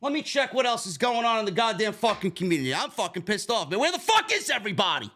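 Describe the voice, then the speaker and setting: Lively, high-voiced ranting male host. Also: fast talker. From New York. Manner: profane, griping rant. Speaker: livestream host. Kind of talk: live post-show stream review.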